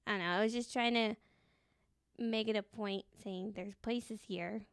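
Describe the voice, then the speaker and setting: A woman's voice: medium pitch, steady tone, a little slow, clean tone, dry recording, studio quality. A woman co-hosting a casual podcast chat, giggly and loose, swearing freely. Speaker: podcast co-host.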